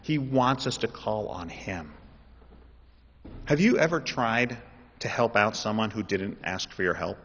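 A man preaching a sermon in an animated way, building up to loud, emphatic calls. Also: lowish voice, unhurried, slightly rough. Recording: dull sound with long hall reverb.

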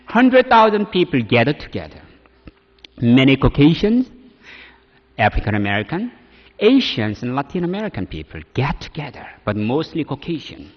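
Man, Korean accent, preacher, animated pitch, long reverb, muffled audio. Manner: emotional storytelling with many fillers. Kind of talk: testimony sermon. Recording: dull audio in a reverberant hall.

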